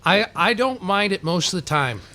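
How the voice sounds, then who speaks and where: Higher-voiced man in relaxed banter. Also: moderate pace. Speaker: podcast co-host. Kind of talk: casual chat.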